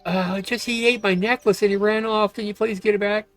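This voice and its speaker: Man putting on a timid game villager woman, high-pitched, pleading and whiny. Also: fairly even intonation, fairly quick, fairly bright tone, faint music behind. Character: timid young woman villager begging for help.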